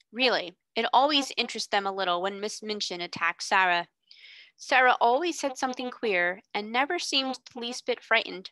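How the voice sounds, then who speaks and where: A woman tutor reading a storybook aloud in an expressive, measured way. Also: mid-range voice, dry recording, rough recording. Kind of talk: storybook narration.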